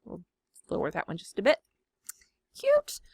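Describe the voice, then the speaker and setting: A woman chats through a software demo from home. She rambles in a friendly, self-deprecating way and laughs at herself often. Her voice sits at an ordinary pitch and sounds close and dry on the mic. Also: moderate pace, no room sound. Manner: chatty, self-deprecating, giggly. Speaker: scrapbooking video host. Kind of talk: casual chat while demonstrating software. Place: home room.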